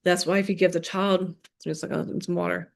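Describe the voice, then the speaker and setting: Woman dog trainer walking students thru exercises, upbeat and lively, recorded on her computer. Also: lowish voice, brisk, creaky. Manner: upbeat, demonstrative, talks through steps. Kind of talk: training workshop lecture. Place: recorded at a computer for an online workshop.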